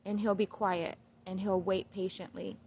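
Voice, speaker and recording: A woman, a new mother, talking to her viewers in a casual, heartfelt monologue, earnest and unhurried, with many fillers like "you know" and "like.". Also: mid-range voice, flat delivery, creaky, darkish tone, husky. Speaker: new mother sharing a spiritual reflection.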